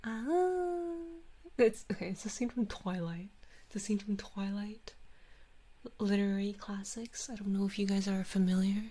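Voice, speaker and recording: A woman's voice: mid-range voice, flat delivery, moderate pace. Whispering woman, whispered role-play. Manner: soft whispering, playful scolding. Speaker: streamer and ASMR artist.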